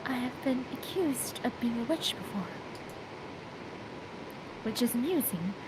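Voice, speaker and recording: A woman's voice: a little high, lively intonation, measured pace, background noise. A woman voicing a timid, polite young woman who speaks formally and hesitantly, in an amateur game read-through.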